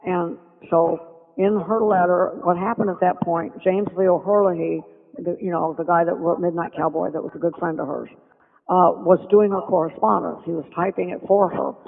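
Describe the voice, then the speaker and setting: An older woman telling stories as a podcast guest, animated and acting out the voices of people she quotes. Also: lowish voice, normal speed, gravelly. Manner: animated storyteller who acts out quoted speech. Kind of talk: reminiscing interview storytelling. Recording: tinny phone line with long reverb.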